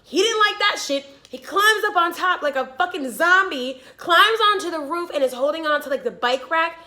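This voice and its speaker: A woman's voice: very high voice, normal speed, bright, forceful tone. A young woman vlogger animatedly retelling a frightening story, swearing freely and talking breathlessly. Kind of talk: storytime vlog.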